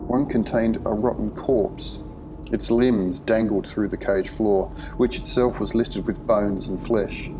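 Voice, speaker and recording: A man narrating a horror short story in a measured, vivid storytelling manner. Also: on the low side, rough recording.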